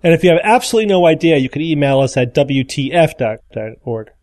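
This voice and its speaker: A man's voice: fairly high pitch, animated, fast, a little mellow, no room sound, studio quality. A man co-hosting a podcast in casual chat, joking and playful. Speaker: podcast co-host.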